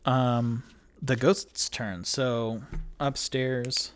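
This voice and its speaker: A man's voice: medium pitch, extremely slow, clear, resonant tone. A man narrating a solo tabletop game as dungeon master, rambling with many fillers. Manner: rambling, filler-heavy, animated.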